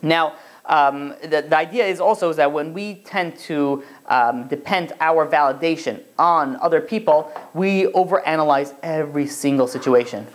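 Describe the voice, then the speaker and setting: A man, a rabbi, giving an animated Torah class, often restarting his sentences and acting out the voices he quotes. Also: a little high, moderate pace.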